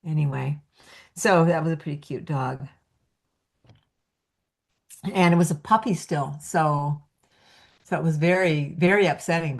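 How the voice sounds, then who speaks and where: A woman teaching energy healing, telling casual stories full of fillers and restarts, acting out quotes in a lifted voice. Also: mid-range voice. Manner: rambling, filler-heavy, acts out quotes in a lifted voice. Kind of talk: casual storytelling lecture.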